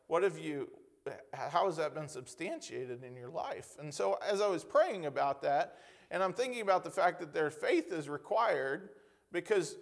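A man preaching a conversational sermon, asking the congregation rhetorical questions and reading scripture slowly with emphasis. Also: fairly high pitch, gravelly.

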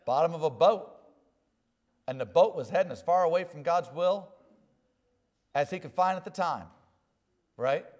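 Preacher guy with a high voice, keeps asking amen, reads old bible wording. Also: lively intonation, normal speed, pauses often, darkish tone. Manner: preachy call-and-response with frequent "amen"; quotes scripture in old King James wording. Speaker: pastor. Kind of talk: sermon.

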